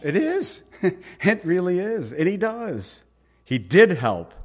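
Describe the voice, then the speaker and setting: A man's voice: high-pitched, big pitch swings, takes it slowly. A man preaching a sermon in a conversational way, reading scripture and acting out short quoted asides. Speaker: pastor.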